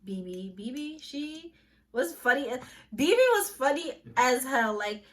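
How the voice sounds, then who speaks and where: In a high voice with big pitch swings, a young woman vlogger tells a personal story a little slowly. She's candid and emphatic, using slang and restarting when emotion takes over.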